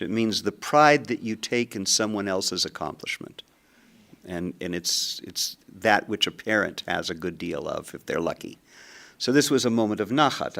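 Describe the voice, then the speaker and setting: Gravelly older man telling a story. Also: on the low side. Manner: animated storyteller, acts out his own rising anger. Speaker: screenwriter telling a personal story. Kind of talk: storytelling talk.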